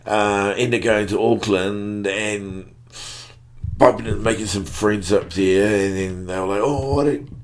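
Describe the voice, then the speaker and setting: A man's voice: lowish voice, level tone, a little slow. A man in his forties with a New Zealand accent, telling stories in a laid-back, sweary podcast chat. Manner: laid-back, swears freely, lots of fillers. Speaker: guest musician. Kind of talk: casual storytelling chat.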